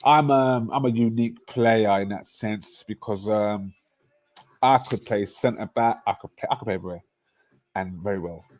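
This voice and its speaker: A man's voice: lowish voice, moderate pace, a little mellow. A man, chatting casually and boastfully about football on a podcast with friends, rambling between slangy asides.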